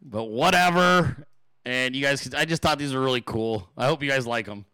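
A man's voice: medium pitch, brisk, pushed and bright, clean tone, no room sound, rough recording. A man hosting his own talk show, venting in an angry, profane, blunt monologue to his viewers. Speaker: show host.

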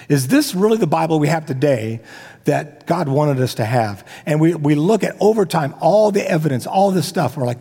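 A man's voice: a little high, lively intonation, normal speed, warm tone. A man preaching a sermon as pastor, talking casually with joking asides and frequent restarts. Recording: long hall reverb.

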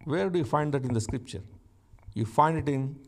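A man preaching a sermon, teaching slowly and emphatically from scripture and rising to exclamations. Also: fairly high pitch.

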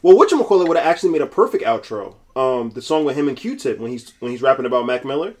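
A man in his twenties co-hosting a podcast in casual chat, animated, laughing often and repeating himself. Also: mid-range voice, fast talker. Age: 20s. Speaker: podcast co-host.

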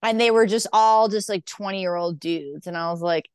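Woman comedian, casual storytelling, acts out voices, swears, smooth voice, dry close sound. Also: mid-range voice, brisk, hardly any pauses, dry recording. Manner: animated, acts out quoted voices, frequent "like", swears freely. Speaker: stand-up comedian guest.

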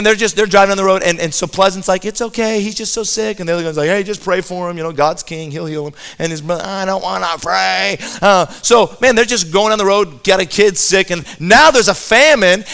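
Male preacher, high and sharp voice, comic storytelling sermon, acts out quotes. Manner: lively, joking storyteller who acts out quoted characters.

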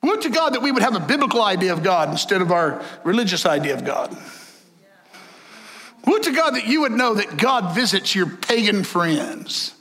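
A man preaches a sermon with a drawl, his voice high and bright. He jokes with the congregation in a folksy, lively way. The sound carries a long church-hall reverb. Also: normal speed. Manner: folksy, animated, joking with the congregation. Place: church sanctuary. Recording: echoey hall.

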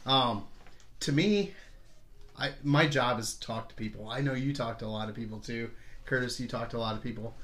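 Male podcast host, forties, loose and rambling, slightly hoarse, casual swearing. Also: medium pitch, fairly quick, fairly bright tone. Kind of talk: casual chat.

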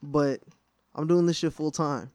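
Male podcast host, casual and profane, slightly high pitch, dry close recording. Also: steady tone, a little slow, darkish tone, no room sound. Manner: loose, profane storytelling, high.

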